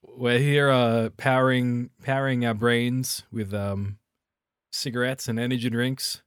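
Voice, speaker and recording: A man's voice: medium pitch, steady tone, unhurried, clean tone, dry recording, studio quality. A young man co-hosting a casual podcast chat, riffing on absurd jokes. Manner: jokey, riffing absurd bits. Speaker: podcast co-host.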